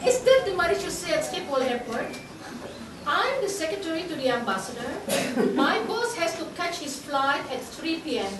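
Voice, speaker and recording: A woman playing a harried embassy secretary. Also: high-pitched. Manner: laughing often, pleading on the phone. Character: flustered female embassy secretary, harried but resourceful. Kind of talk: amateur stage play. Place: large indoor party hall. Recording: echoey hall from far off, loud crowd noise.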